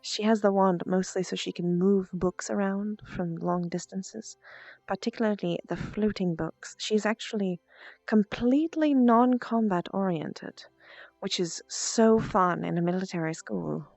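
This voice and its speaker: A woman streamer chatting casually with her viewers, stuttering and muttering, with soft asides dropped under her breath. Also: mid-range voice, unhurried, creaky, no room sound. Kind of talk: casual chat with stream viewers during VR role-play. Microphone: VR headset mic. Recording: dull lo-fi stream audio, faint music.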